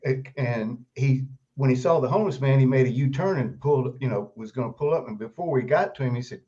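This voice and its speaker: A man's voice: medium pitch, fairly quick, hardly any pauses. Older man telling stories over a dull call line. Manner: animated anecdotes, laughs often while telling. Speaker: guest author. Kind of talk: storytelling interview. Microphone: video call. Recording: dull lo-fi remote call audio.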